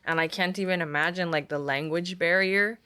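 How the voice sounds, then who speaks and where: A woman's voice: on the low side, a little fast, smooth. A young woman from Puerto Rico, a teacher, talking casually in an interview with lots of filler words. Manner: chatty, animated when quoting others, many "like" fillers. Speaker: guest, language arts teacher.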